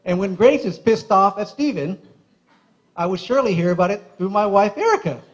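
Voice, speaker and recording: High-voiced man giving a laughing best-man toast. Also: lively intonation, brisk, poor audio. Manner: chatty, laughs often through his stories; admits he gets emotional. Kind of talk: casual wedding speech. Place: wedding reception.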